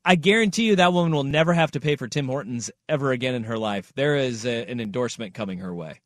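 A man hosting a podcast in casual chat, animated and riffing, acting out quotes. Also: mid-range voice, fast talker, no echo, clean studio sound. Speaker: podcast host.

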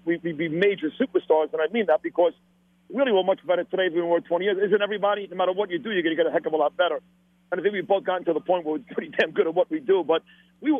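A man's voice: high-pitched, dry recording. Brash Brooklyn man on a tinny line. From Brooklyn, New York. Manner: blunt, profane, emphatic storytelling. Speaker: radio host, podcast guest. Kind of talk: candid casual conversation. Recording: dry tinny phone-line audio.

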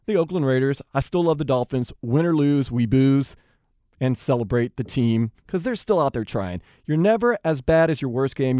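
A man's voice: medium pitch, darkish tone, dry recording, studio quality. A man from South Louisiana with a Louisiana accent, hosting a sports radio show in an upbeat, folksy way. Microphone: studio microphone.

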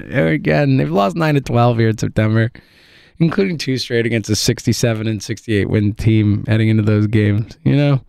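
A man's voice: mid-range voice, creaky, a little mellow, clean tone, no echo, studio quality. A man, ranting in frustration about his baseball team, rambling and laughing bitterly. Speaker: sports fan commentator. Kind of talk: ranting sports commentary.

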